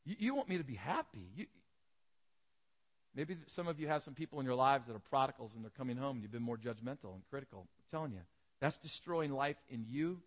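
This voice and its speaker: A man preaching a sermon as pastor, telling stories animatedly and acting out the voices in them. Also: mid-range voice.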